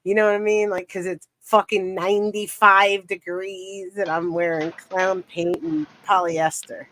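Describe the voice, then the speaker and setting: A young woman tells a story in loose, casual chat. She is animated and profane, with quick bursts of laughter running through her talk. Her voice sits in a middle pitch. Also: slight background noise, low-quality recording. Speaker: podcast guest.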